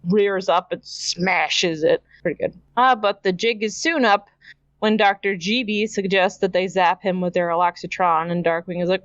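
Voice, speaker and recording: A woman's voice: mid-range voice, normal speed, dry recording, dull audio. A woman from Canada hosting a podcast, casually recapping a cartoon episode, laughing often and imitating characters as she quotes them. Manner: chatty, laughs often, mimics characters when quoting. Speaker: podcast host.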